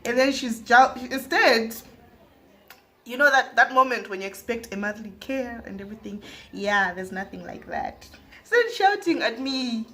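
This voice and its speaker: A woman from Zambia, telling a personal story to her viewers, often laughing and dropping into hushed asides. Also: fairly high pitch, expressive, normal speed. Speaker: vlogger. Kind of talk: storytime monologue.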